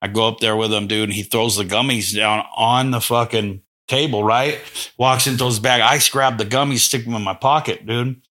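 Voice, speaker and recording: A man with a bright, ringing voice talks in relaxed, slangy podcast chat. He tells his side of the story loosely, leaning on "dude" and "you know what I mean". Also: medium pitch, moderate pace. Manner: laid-back, slangy, says "dude" often.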